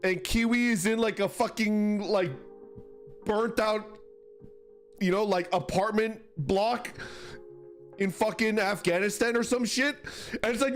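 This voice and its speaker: A man streaming, chatting casually with viewers, rambling and swearing through animated rants. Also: sits high, unhurried, pauses often, soft background music. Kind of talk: casual chat reacting to viewers.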